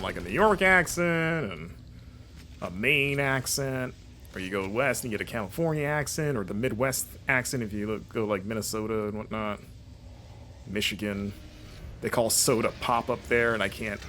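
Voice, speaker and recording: A man from Florida with a non-regional American accent, chatting casually while streaming gameplay and reacting out loud to what happens. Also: on the low side, a little hiss or hum. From Florida, USA. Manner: chatty, rambling, reacts aloud to the game.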